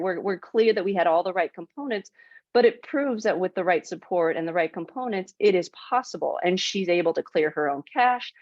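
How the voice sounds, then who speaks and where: A woman hosts a podcast interview at a mid pitch. She talks with enthusiasm, backs her guest up and explains her ideas. Her voice comes over a dull, dry remote connection. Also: no echo. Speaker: podcast host.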